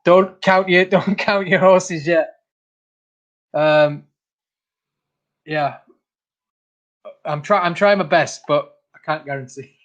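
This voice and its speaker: A man's voice: on the high side, takes it slowly, pauses often, a bit bright, muffled recording. A man hosting a casual livestream, reading out viewer comments, laughing often and calling people mate. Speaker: channel host.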